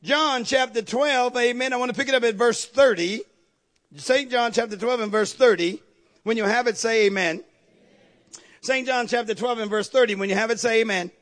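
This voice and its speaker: A man with a strikingly high voice preaches a fervent sermon. He keeps calling out to the congregation for agreement and drives his points up to shouted peaks. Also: normal speed. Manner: call-and-response, repeatedly asking the congregation to agree.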